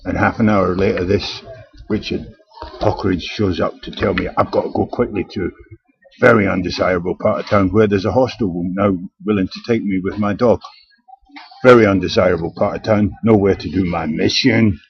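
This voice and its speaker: A man's voice: low voice, fairly even intonation, normal speed, creaky. An older man from Britain, talking in a rambling, aggrieved monologue full of hesitations and restarts. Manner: digressive, aggrieved, with frequent hesitations. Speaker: vlogger. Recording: dull lo-fi recording.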